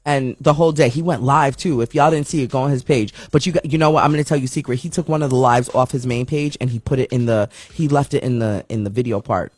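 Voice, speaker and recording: A man's voice: mid-range voice, fast, few pauses, no room sound, faint music behind. A man hosting a live radio-style show, chatting casually and rambling while reading the viewer chat aloud.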